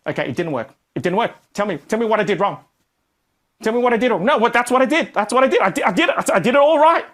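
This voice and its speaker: A man playing a panicky beginner coach who whines and wails in a high voice during a live workshop. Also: big pitch swings, a little slow, a bit bright, exaggerated voice. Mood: defensive whining. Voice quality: high, whiny, wailing. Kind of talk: acted example in a live workshop.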